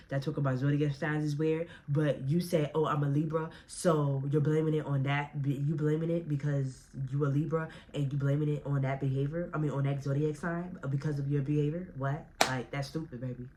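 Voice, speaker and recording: A young woman telling a storytime vlog in a brash, profane, animated way, talking straight to her viewers. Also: low-pitched, moderate pace, few pauses. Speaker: vlogger. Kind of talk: casual storytime rant.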